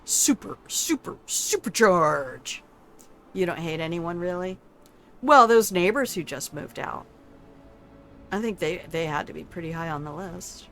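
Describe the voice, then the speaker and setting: A woman's voice: fairly low pitch, normal speed, a bit bright, a little hiss or hum. An older woman streaming a video game, chatting casually with viewers in a salty, teasing way and swearing freely. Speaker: gaming streamer. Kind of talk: casual gameplay commentary.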